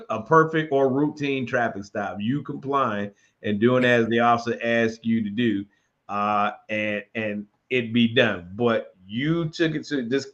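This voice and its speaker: A man's voice: medium pitch, a bit bright. A man co-hosting a commentary show, talking through a police video in a loose, rambling way. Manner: rambling, many restarts and fillers. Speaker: show co-host. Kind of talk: casual commentary chat. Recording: dull lo-fi sound.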